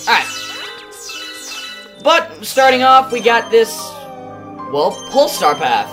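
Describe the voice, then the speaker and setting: A woman's voice: on the high side, big pitch swings, slow, long pauses, poor audio. A woman hosting a let's play, chatting casually about the game as she plays and swearing now and then. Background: game music.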